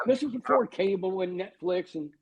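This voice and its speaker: A man's voice: high voice, animated, normal speed, husky, poor audio. A man in his sixties, a guest on a podcast, telling wry, self-deprecating stories. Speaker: guest, TV weatherman. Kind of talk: storytelling in a podcast interview.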